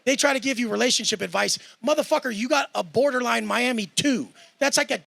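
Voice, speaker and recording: Man, high gravelly voice, fast cocky profane rant, dry close sound. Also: pushed and bright, no echo. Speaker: guest in a clip being reacted to. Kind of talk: brash boastful rant.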